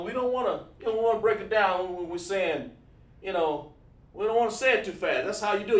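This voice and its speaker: Guy teaching a class at a board, kinda high voice, echoey room, mic off a ways. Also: far from the mic. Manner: relaxed, repetitive, thinks aloud while writing on a board; greets and praises students by name from the chat. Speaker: class instructor. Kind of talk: livestreamed language lesson.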